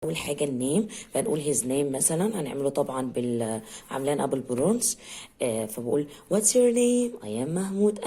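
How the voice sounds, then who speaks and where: A woman's voice: lively intonation, racing, background noise. A woman with an Egyptian Arabic accent demonstrating a children's English activity book, asking questions and answering them herself as the child. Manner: plays both teacher and child, asking then answering in a lower voice. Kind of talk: home teaching demo, Arabic mixed with English.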